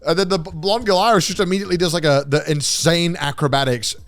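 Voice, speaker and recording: A man's voice: fairly high pitch, fast talker, no room sound, faint music behind. A man co-hosting a podcast in casual chat, animatedly recounting scenes and quoting characters. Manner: animated storytelling, recounting scenes with quoted lines. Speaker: podcast co-host.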